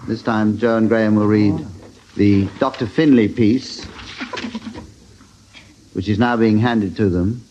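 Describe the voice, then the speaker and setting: A man's voice: lowish voice, fairly even intonation, a little slow, long pauses, dark tone. A man hosting a radio comedy panel game before a studio audience, wry and dry in his announcing. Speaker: quiz chairman. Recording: dull old radio recording with hiss.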